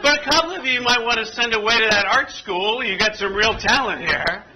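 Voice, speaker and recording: A man's voice: high-pitched, a little fast, pushed and bright, poor audio. A man presenting an interactive training exercise to an audience at tables, telling a story and joking with the room. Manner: playful storyteller, jokes with the audience. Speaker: workshop presenter.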